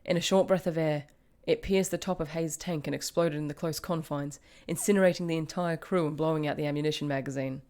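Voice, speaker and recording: Brief: a low-pitched woman host reading fiction aloud with offhand asides. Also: steady tone, fairly quick, few pauses, a little mellow. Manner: reads with casual asides.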